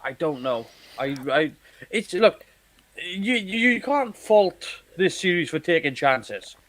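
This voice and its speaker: A man co-hosting a casual chat about a TV series, talking in halting bursts with many restarts and repeated words. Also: high-pitched, big pitch swings, a bit bright. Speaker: podcast co-host.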